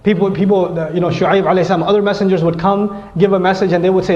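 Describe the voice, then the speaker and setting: Fast-talking, animated male preacher. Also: sits high. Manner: animated, conversational, acts out quotes. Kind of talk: sermon. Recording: echoey hall, dull lo-fi sound.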